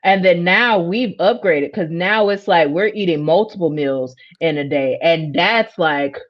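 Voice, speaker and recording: A woman's voice: lowish voice, unhurried, highs cut off. A woman co-hosting a casual podcast, speaking affectionately and tripping over her words. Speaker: podcast co-host.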